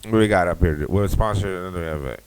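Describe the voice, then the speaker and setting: A young man with a deep, low voice hosts a podcast and riffs through a crude comic rant. He rambles, swears freely and keeps circling back to the same catchphrase. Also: brisk, darkish tone, smooth, no echo, low-quality recording. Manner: rambling, profane, riffing. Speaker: podcast host.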